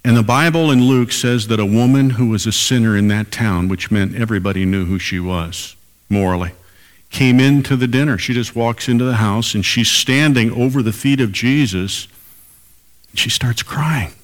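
A man's voice: medium pitch, normal speed. Older man preaching in a reverberant hall. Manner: emphatic preaching, repeating lines for weight. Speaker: pastor. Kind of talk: sermon.

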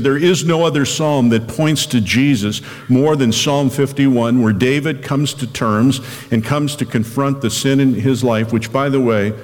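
A man preaching a radio sermon as pastor, earnest and direct, slowing down and lifting his voice when he reads scripture. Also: mid-range voice, long reverb tail. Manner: earnest, slows down and lifts his voice reading scripture.

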